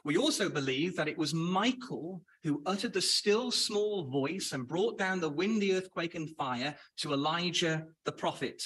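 A man's voice: fairly high pitch, expressive, normal speed, few pauses, a bit bright, husky, low-quality recording. A man preaching a sermon, addressing brothers and sisters and asking rhetorical questions. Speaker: Bible speaker.

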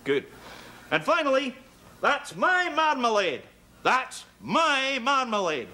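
An actor playing a cranky, grumbling TV teacher with a Scottish accent, lecturing in a blustery, scolding manner for a comedy sketch. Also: male voice, high voice, big pitch swings, moderate pace, pushed and bright, full character voice. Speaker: TV language teacher.

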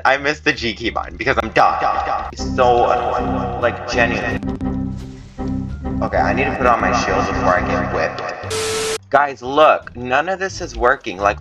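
A man giving excited gameplay commentary, his voice jumping high when tense. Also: a little slow, over music. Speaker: gaming YouTuber.

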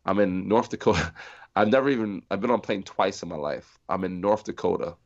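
A middle-aged man from New Jersey, a podcast guest telling stories in a lively way, acting out the people he quotes. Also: sits low, a little fast, vocal fry, no echo. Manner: animated storyteller acting out quoted voices, laughing often. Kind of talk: storytelling in a podcast interview. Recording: dry muffled sound.

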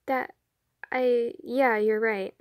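Stammering young photographer fan, read by a woman, slow and mellow. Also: a little high, steady tone, no room sound. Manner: nervous, stammering.

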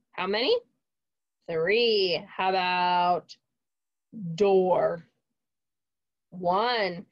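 A woman teaching a remote phonics lesson to young children, speaking clearly and encouragingly. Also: mid-range voice, dry recording, lo-fi sound. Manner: slow, clear, encouraging teacher talk to kids.

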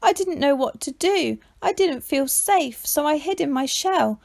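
A woman's voice: extremely high pitch, lively intonation, moderate pace, a little mellow, pitched above the performer's own voice. A woman voicing a frightened young female tortoise who speaks in a wavering, wailing voice.

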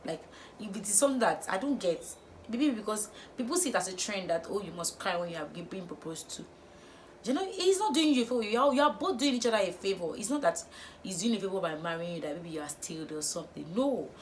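A young woman vlogging, firing off exasperated rhetorical questions in an animated opinion rant. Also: mid-range voice, fast, a little hiss or hum.

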